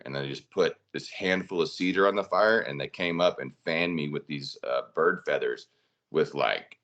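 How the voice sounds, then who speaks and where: A man's voice: very deep voice, normal speed, fairly bright tone, lo-fi sound. A man telling personal stories in a casual podcast chat, rambling with many fillers.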